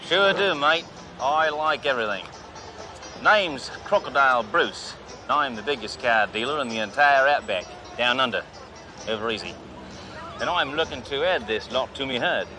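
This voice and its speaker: A blustering, boastful fake-Aussie tycoon, as a man puts on the voice swaggers through his lines with a hammy drawl. Music plays clearly behind him in this TV comedy scene. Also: medium pitch, lively intonation, normal speed, bright, forceful tone. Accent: fake Australian. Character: brash loud male cop posing as an Aussie tycoon.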